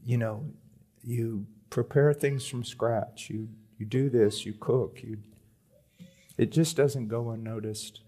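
A middle-aged man preaching a sermon at a conference, moving between loud emphatic reading and soft, hushed pleading. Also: medium pitch, steady tone, takes it slowly, husky. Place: conference hall.

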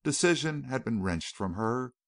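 A man reading a novel aloud as an audiobook narrator, in a dramatic, expressive manner. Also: mid-range voice, moderate pace, creaky, dry recording, studio quality. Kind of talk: scripted narration.

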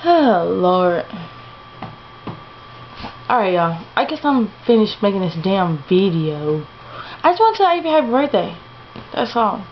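A woman's voice: mid-range voice, very animated, a little slow, pauses often, muffled recording, a little hiss or hum. A young woman rambling in a late-night home vlog, tired, slangy and swearing freely, playing up a put-on accent. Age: young adult. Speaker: vlogger.

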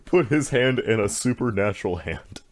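A player in an online card game who restarts and repeats words, reading cards slowly. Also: mid-range voice, lively intonation, no echo. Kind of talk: casual gaming chat.

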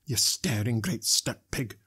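A man voicing a harsh, sharp-tongued older sister who scolds. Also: medium pitch, lively intonation, a little slow, slightly rough, heavily acted. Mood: scolding.

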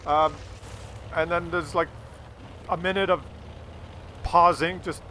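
A man's voice: a little high, takes it slowly, a little hiss or hum. A man casually telling a funny family story while playing a game, acting out the people in it. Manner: animated, acts out the people in his story. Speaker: gaming video creator. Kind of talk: casual storytelling over gameplay.

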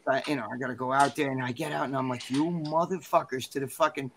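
A man guest in an interview, telling a story in a rambling, animated, profane way. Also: mid-range voice, rapid-fire, creaky, over a noisy crowd. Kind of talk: casual storytelling.

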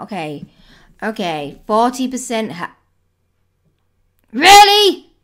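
A woman's voice: mid-range voice, wildly swooping pitch, slow pace, pushed and bright. A woman commenting on her own gameplay, exclaiming and squealing at every surprise. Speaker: gaming YouTuber. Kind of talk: excited let's-play commentary.

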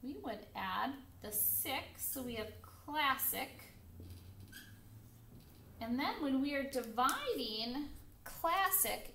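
A second grade teacher giving a phonics lesson to young children, speaking slowly and patiently and repeating each word clearly so they can count along. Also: female voice, sits high, a bit bright. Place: classroom with a screen. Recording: echoey room with faint background noise.

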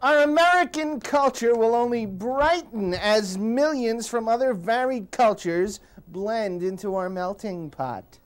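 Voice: mid-range voice, a little slow, few pauses, lightly acted. A performer playing an earnest liberal professor who gives formal, lecturing speeches in a TV comedy sketch.

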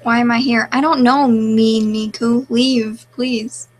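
A woman's voice: on the high side, steady tone, takes it slowly. A woman live streaming in casual chat, reading out viewer comments and answering them in an offhand, mumbling way, with a crackly voice.

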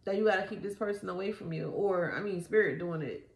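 A woman giving a casual tarot reading, animated and slangy, swearing often and repeating herself. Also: medium pitch, quick pace, vocal fry, reverberant. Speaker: tarot reader.

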